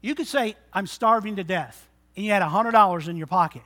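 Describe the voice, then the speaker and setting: A man preaching a sermon with a high, bright voice. He drops to a hushed, close tone, then rises to loud exhortation. He acts out the people in his stories as he goes. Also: a little fast. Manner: swings from quiet intimate talk to loud exhortation. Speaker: pastor.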